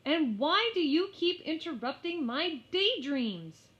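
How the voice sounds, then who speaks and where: Woman doing a fed-up little school girl, high and whiny, kinda muffled lo-fi sound. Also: sing-song, slow, a bit bright, exaggerated voice. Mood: exasperated. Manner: whiny, frustrated outbursts. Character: young schoolgirl, daydreamy and exasperated. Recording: slightly muffled lo-fi.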